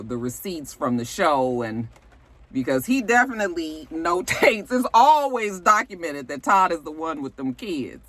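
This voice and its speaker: A woman's voice: sits low, fairly bright tone, dry recording. A young adult woman giving a blunt, gossipy recap of a reality show, full of asides and swearing. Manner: sassy, blunt, gossipy, with frequent asides and profanity. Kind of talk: casual recap commentary.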